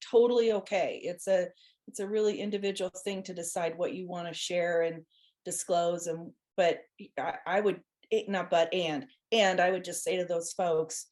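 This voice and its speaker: A woman co-hosting a podcast, telling a story in an animated, laughing way with many restarts. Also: lowish voice. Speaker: podcast co-host. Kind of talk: casual storytelling chat.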